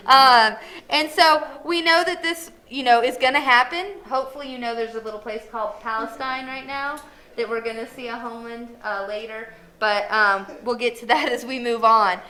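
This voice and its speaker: A woman's voice: high-pitched, normal speed, bright, forceful tone. A woman history teacher giving a casual, chatty classroom lecture. She often acts out quoted lines in a playful way. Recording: echoey classroom.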